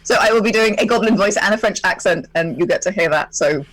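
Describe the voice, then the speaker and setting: A woman introducing herself as a player, excited and bubbly. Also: mid-range voice, fast talker, rough recording.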